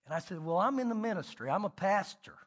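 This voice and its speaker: A middle-aged man preaching a sermon as pastor, telling stories and swinging between loud and hushed delivery. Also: sits high, very animated, fast talker, big-room sound.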